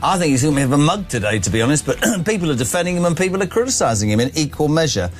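A man's voice: fairly high pitch, sing-song, racing, faint music behind. A middle-aged man hosting a breakfast radio show, chatty and opinionated as he reads out listener texts. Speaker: radio host. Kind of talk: breakfast radio talk and text reading.

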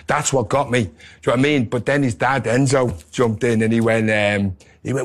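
A man with a Liverpool accent tells a boxing anecdote on a talk radio show. He is lively and chatty, acts out each line of dialogue, and keeps checking in with the listener. His voice sits at an ordinary middle pitch. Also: a little fast. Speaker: guest boxer.

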